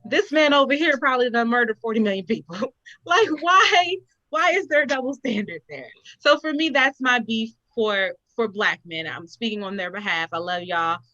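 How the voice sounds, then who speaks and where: A young woman with a bright, forceful voice talks casually and tells her stories with lively expression. The sound is dry and a little dull, like a close but lo-fi recording. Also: on the high side, normal speed, dry recording. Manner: animated, expressive storytelling. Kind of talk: casual chat.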